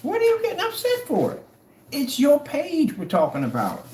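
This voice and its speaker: Man, taunting, mocking, lively swooping voice, echoey room. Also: very high voice, normal speed. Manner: mocking, taunting, dramatic swings in tone. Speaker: online product seller. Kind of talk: taunting rant to camera. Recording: echoey room, faint noise.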